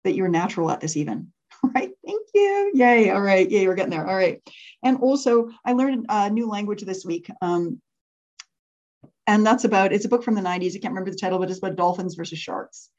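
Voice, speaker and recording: A woman's voice: mid-range voice, fairly quick, a little mellow. Woman, workshop leader, chatty and giggly, asks the room for hands, slightly muffled lo-fi sound. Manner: laughs often, asks the group to raise hands. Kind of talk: interactive workshop teaching.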